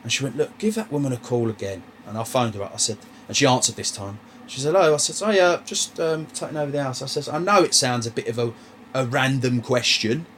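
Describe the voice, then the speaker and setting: A man's voice: mid-range voice, fast, slight background noise. A man hosting a casual chat, telling a long story with lots of swearing and acted-out dialogue. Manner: animated, swearing, retells dialogue. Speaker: podcast host.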